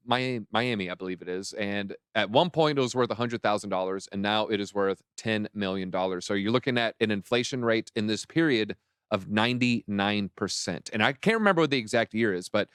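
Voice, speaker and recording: A man hosts a crypto livestream with energetic, mocking commentary. His voice is smooth and clear. The sound is dry and close. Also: medium pitch, dry recording. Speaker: crypto show host.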